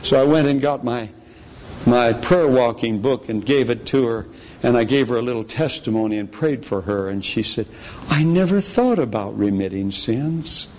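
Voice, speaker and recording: A middle-aged man preaching a sermon, telling a personal story with animated delivery and acting out the people he quotes. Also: mid-range voice, normal speed, slight background noise.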